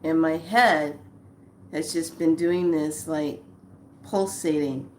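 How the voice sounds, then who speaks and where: A woman vlogger telling a spiritual story in a casual way, acting out quoted lines with lively rises in pitch. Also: takes it slowly, slight background noise. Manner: animated, acts out quotes with rising pitch.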